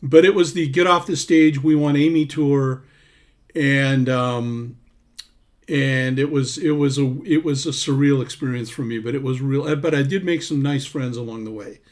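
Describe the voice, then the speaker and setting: A man's voice: mid-range voice, normal speed. A man hosting a casual livestream, chatting and reading out viewers' names as he scrolls through comments. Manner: warm, rambling, reads names aloud while scrolling comments. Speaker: singer-songwriter hosting a livestream.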